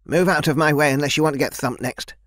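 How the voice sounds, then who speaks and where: A man voicing a fierce, hot-tempered young woman soldier who growls and shouts threats. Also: on the high side, steady tone, fast, dry recording, clean studio sound, pitched above the performer's own voice, lightly acted. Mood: furious.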